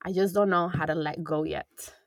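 A woman's voice: on the low side, fairly even intonation, moderate pace, no echo, studio quality. A young woman in casual chat, talking candidly and rambling with many fillers and the odd swear word.

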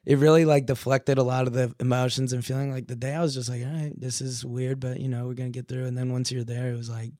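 A man's voice: medium pitch, flat delivery, fast, hardly any pauses, mellow, dry recording. Rambling young man, dry close mic. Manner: rambling, filler-heavy storytelling. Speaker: podcast guest, comedian. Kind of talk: casual chat. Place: podcast studio.

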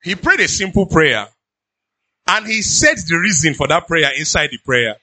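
A pastor with a Nigerian accent preaching in an animated, conversational way, slipping into pidgin asides. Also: male voice, a little high, normal speed, no room sound. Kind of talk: sermon.

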